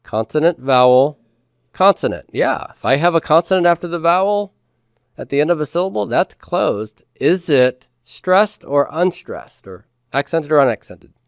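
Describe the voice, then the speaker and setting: A man's voice: on the high side, sing-song, moderate pace, gravelly, no echo, clean studio sound. Patient man teaching step by step. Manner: patient, asks questions and answers them himself. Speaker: Hebrew teacher. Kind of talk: homework review lesson.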